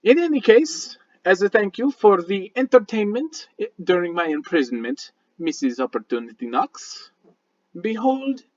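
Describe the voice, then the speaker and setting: A man voicing a mysterious, flattering male wizard who speaks in a silky, teasing way. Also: sits high. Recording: dull lo-fi sound.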